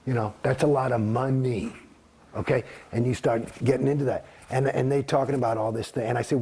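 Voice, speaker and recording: A man's voice: medium pitch, fairly even intonation, fast talker, warm tone, breathy edge. A man giving a candid interview, blunt and heavy on profanity, rambling with frequent restarts. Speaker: interview guest.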